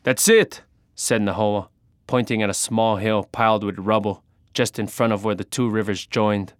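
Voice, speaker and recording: A man narrating an adventure story in the first person, measured and dramatic. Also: on the low side, level tone, no echo, clean studio sound.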